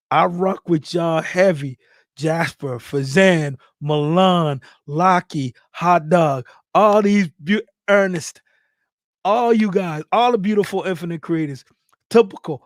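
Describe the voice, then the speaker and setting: Hyped male streamer giving shout-outs. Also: high-pitched, no room sound, clean studio sound. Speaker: livestream host. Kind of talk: casual livestream chat reading viewer comments.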